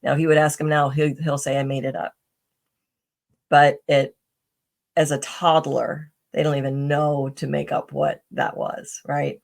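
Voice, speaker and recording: A woman's voice: low-pitched, level tone, a little slow, creaky, a little mellow. A middle-aged woman, a podcast guest, telling personal stories in a chatty way with many fillers, restarts and a tag "right?". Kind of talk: casual interview storytelling.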